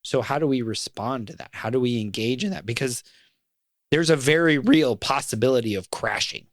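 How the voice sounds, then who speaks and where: A man's voice: mid-range voice, moderate pace, dry recording. Earnest middle-aged man, dry close sound. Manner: earnest and reflective, talks about fatherhood with feeling. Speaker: podcast co-host. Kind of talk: casual podcast conversation.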